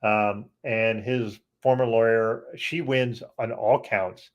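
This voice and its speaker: A man co-hosting a podcast in casual chat, animated, swearing freely and laughing as he talks. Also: on the low side, takes it slowly, dull audio. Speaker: podcast co-host.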